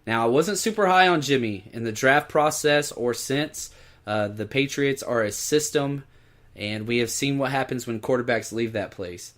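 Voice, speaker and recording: A man in a middle register co-hosts a casual sports podcast. He sounds deflated and a little lost, letting his voice sag low and flat as he works through his fantasy picks. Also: normal speed. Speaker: podcast co-host. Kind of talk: casual fantasy football chat.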